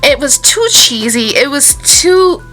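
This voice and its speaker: A young woman with a bright, fairly high voice hosts a casual film review chat. She talks in a lively, sarcastic way with wide swings in pitch, and soft music plays behind her. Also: takes it slowly. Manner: animated, sarcastic, laughs often. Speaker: movie review host.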